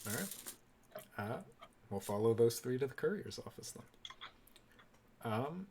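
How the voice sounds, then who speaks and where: A man's voice: medium pitch, slow, a little hiss or hum. Male game master, easygoing narration with many fillers. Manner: relaxed, with frequent ums and uhs. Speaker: dungeon master.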